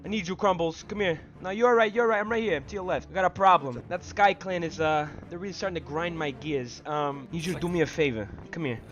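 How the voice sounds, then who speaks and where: A man playing in a survival game event, shouting and swearing in heated voice chat. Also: fairly high pitch, fast, hardly any pauses, muffled recording.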